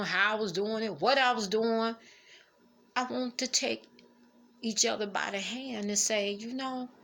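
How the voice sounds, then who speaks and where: A middle-aged woman, speaking haltingly and emotionally as she reflects on family in a personal vlog. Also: fairly high pitch, gravelly, a bit bright. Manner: emotional, halting, fighting back tears. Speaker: vlogger.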